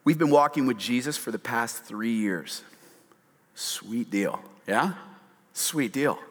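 A male pastor preaching a sermon, animated and often acting out quotes in a raised voice. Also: mid-range voice, a little slow. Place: church hall with slides on a screen. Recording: long hall reverb.

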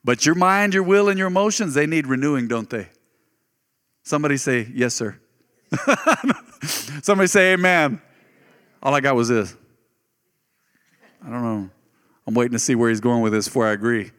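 A man preaching a sermon, telling a personal story with animated, folksy delivery and sudden jumps in pitch. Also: moderate pace, long pauses, clean tone. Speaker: pastor. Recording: reverberant hall.

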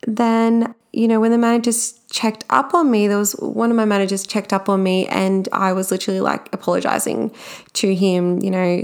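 A woman's voice: mid-range voice, little pitch movement, moderate pace, clear, resonant tone. A young woman speaking casually and candidly about her own experience at work, with plenty of everyday fillers. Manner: chatty and candid, with frequent fillers. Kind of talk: casual personal storytelling.

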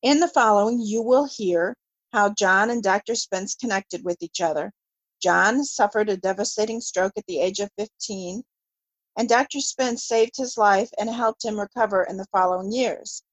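A woman host giving a scripted narration with even, clear introductions. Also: mid-range voice, moderate pace, no room sound, low-quality recording.

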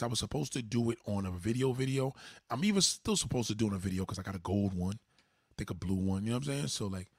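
Husky, animated man talking on a livestream. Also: medium pitch, no echo, studio quality. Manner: loud, profane, animated storytelling. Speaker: livestream host. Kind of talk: casual livestream chat.

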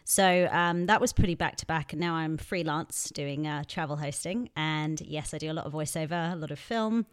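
A woman's voice: low voice, moderate pace, few pauses, smooth. A woman with a London English accent, chatting as a guest on a podcast and laughing often. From England. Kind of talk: casual podcast chat.

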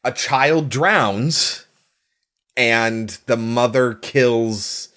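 A man with a sick voice co-hosting a podcast, giving an opinionated, casual movie review. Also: very slow. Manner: animated, opinionated, swings pitch when emphasizing. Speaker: podcast co-host.

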